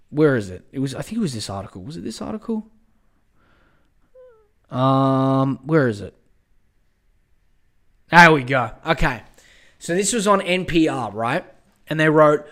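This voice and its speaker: Excitable, profane man ranting. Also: on the high side, moderate pace, long pauses. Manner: profane, excitable, often exasperated. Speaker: podcast host. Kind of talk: casual ranting podcast talk.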